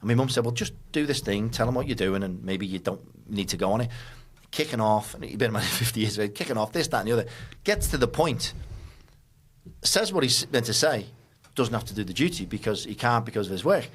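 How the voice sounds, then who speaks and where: A man's voice: fairly low pitch, animated, fairly quick, husky. Blunt, swearing male podcast host. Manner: blunt, emphatic, swears freely. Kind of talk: casual conversation.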